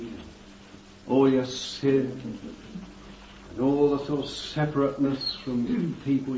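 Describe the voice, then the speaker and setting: A man preaches a sermon in an unhurried, mellow voice, fervent and drawn out, calling his hearers beloved. He sounds far from the microphone in a roomy hall, and the recording is dull with a faint hiss behind him. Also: medium pitch. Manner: fervent preaching, addresses listeners as beloved, interjects amen and hallelujah.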